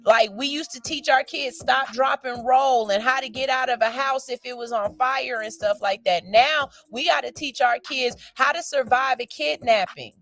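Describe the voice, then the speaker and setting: Woman, radio co-host, frank and emphatic, a bit high-pitched, swears freely. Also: moderate pace, few pauses, fairly bright tone. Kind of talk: casual radio talk.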